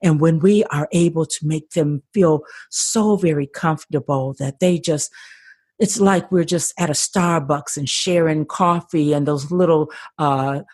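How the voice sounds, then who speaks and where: A woman's voice: sits low, measured pace, darkish tone. An older woman, a podcast guest, telling her story with passion and frequent restarts over a remote call. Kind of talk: conversational interview.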